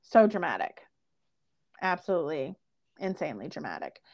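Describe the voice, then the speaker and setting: A young woman casually recapping a TV episode on a podcast, animated and acting out the characters' lines with lots of "like". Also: low voice, normal speed. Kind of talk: casual chat.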